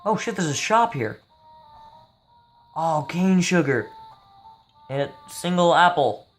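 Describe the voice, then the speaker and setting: A man's voice: a little high, lively intonation, takes it slowly, faint music behind. Tired young man rambling over gameplay. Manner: tired, rambling, jokey and profane. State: sleepy. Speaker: gameplay streamer. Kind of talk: casual gameplay commentary.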